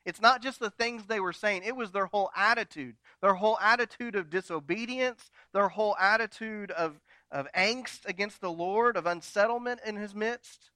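A male pastor with a high, bright voice preaching a sermon. He acts out the quotes with real force and then drops to hushed, personal asides. The sound is close and dry, with little room around it. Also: moderate pace, few pauses, no room sound.

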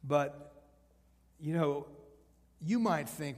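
Male evangelist, sermon delivery, conversational with hushed-to-loud swings, slightly high voice, echoing hall. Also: moderate pace. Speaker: evangelist preacher. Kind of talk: sermon to college students. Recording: long hall reverb.

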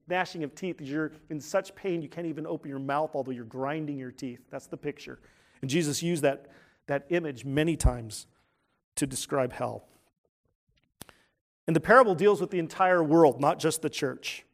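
A pastor delivers a sermon conversationally, posing questions to the congregation and lowering his voice to a hush for serious points. His voice is a little high and his pace moderate.

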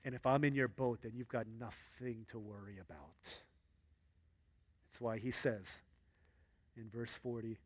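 A man preaching a sermon as pastor, acting out Bible characters in an excited voice and dropping low and hushed for earnest points. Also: slow, long pauses, slightly rough. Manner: animated, acts out Bible characters in a high excited voice.

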